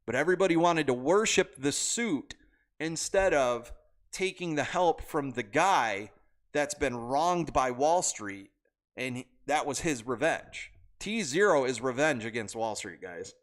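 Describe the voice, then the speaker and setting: A man's voice: medium pitch, expressive, a little slow. A man hosting a casual livestream from home, talking stock trades in a loose, blunt, rambling way at his computer mic. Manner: loose, blunt, rambling talk with chat asides.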